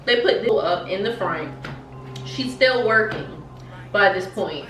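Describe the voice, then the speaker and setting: Animated young woman telling a story. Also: medium pitch, unhurried, reverberant, far from the mic, faint music behind, low-quality recording. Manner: animated, slangy, emphatic storytelling. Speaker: vlogger. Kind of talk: storytime vlog while eating.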